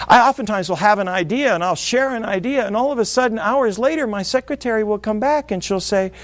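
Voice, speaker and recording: A middle-aged man delivers a motivational seminar in a lively, animated way, slipping into quoted voices as he goes. His voice sits high for a man. The recording is dry and close, with almost no room sound. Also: dry recording. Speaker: speaker.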